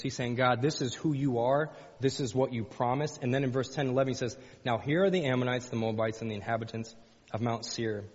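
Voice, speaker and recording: Husky preacher man, folksy, repeats himself, gets fired up, dull lo-fi sound. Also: medium pitch, a little mellow. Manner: folksy, repeats phrases, rises to fervent pleading. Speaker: pastor. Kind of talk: sermon. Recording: dull lo-fi sound with long hall reverb.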